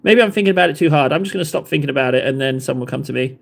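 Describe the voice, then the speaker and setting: A man's voice: mid-range voice, racing, vocal fry. A man hosting a casual livestream while painting models, playful and joking, laughing often. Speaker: livestream host.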